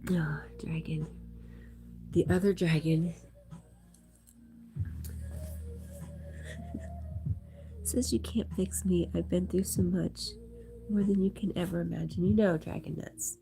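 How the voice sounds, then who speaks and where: Middle-aged woman host, whispered role-play, low mellow voice, faint music behind. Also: slow pace, gravelly, long pauses. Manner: soft whispery, reads comments aloud, gentle. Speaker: livestream host reading chat.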